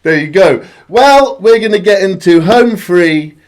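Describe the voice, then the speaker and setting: A man's voice: high-pitched, expressive, unhurried. A British man hosting a music reaction channel in casual chat, upbeat and chatty, sometimes humming a tune aloud. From United Kingdom.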